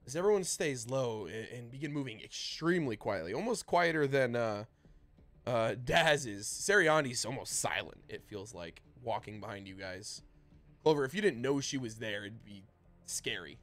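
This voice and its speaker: A man narrating a tabletop game as dungeon master, describing scenes in a halting way with many fillers. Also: on the low side, animated, fairly bright tone, faint music behind.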